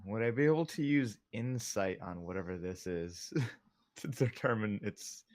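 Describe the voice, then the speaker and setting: A man playing a tabletop game talks through his character's moves in a fairly low voice. He speaks slowly, thinks aloud, and chuckles often. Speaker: player.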